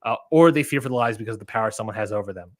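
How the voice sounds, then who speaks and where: A man's voice: on the low side, rapid-fire, no room sound, clean studio sound. A man co-hosting a wrestling podcast in casual chat, rambling with lots of fillers and restarts. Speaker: podcast co-host.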